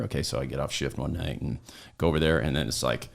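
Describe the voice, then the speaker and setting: A man's voice: rumbling low, steady tone, quick pace, gravelly, few pauses. A man in his forties from southern Utah, a former deputy, telling rambling stories as a podcast guest and often checking in with "right?". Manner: rambling, keeps tagging lines with "right?". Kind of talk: casual interview storytelling.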